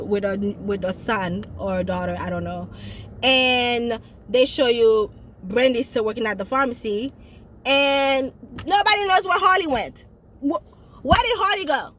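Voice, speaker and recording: A woman's voice: high-pitched, a bit bright, slight background noise. A woman in casual chat, reviewing a movie and talking straight to her viewers in an emphatic way.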